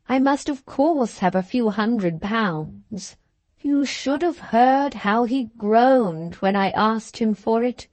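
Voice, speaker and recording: A woman voicing an aggrieved gentlewoman in a period audiobook, complaining in a plaintive tone. She speaks slowly in a somewhat high voice. The sound is dry and close. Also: dry recording. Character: aggrieved, self-pitying aristocratic wife, middle-aged woman.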